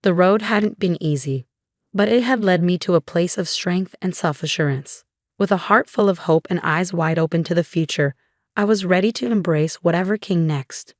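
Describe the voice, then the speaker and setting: A woman giving a scripted first-person story narration in a smooth, steady reading voice. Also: fairly low pitch, moderate pace, no echo, studio quality.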